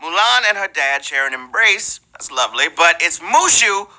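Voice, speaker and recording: A man's voice: fairly high pitch, very animated, normal speed, pushed and bright. A man hosting a live trivia game show, playful and hyped, bantering with his viewers and breaking into bits of song.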